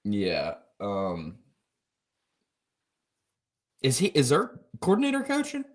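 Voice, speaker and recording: A man's voice: medium pitch, wildly swooping pitch, slow. A man co-hosting a casual college football show, joking and rambling while hungover. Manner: joking, rambling, self-mocking. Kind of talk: casual sports chat.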